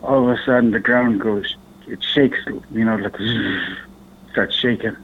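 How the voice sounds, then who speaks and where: A man's voice: medium pitch, normal speed. A man from Alaska, a podcast guest, telling a rambling story in casual talk, swearing now and then and acting out what others said. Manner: rambling, animated, swears, acts out others' lines. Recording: tinny phone-like line.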